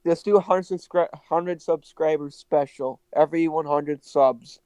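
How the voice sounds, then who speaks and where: A man's voice: on the high side, steady tone, unhurried, a little mellow, smooth, dry recording, low-quality recording. A man teasing and joking in casual podcast chat. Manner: teasing, jokey.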